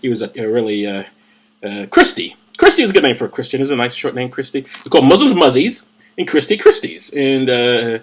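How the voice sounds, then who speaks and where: Brief: husky man, lively swings in pitch, rambling and profane, a little drunk. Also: fairly quick. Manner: rambling, profane, tipsy asides. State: drinking gin. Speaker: host of a comedic Bible reading. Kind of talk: casual comedic commentary.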